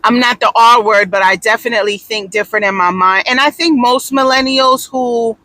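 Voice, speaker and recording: A woman's voice: fairly high pitch, fairly quick, pushed and bright, dry recording, poor audio. A woman, talking casually in a personal vlog, rambling and repeating herself with many restarts. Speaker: vlogger.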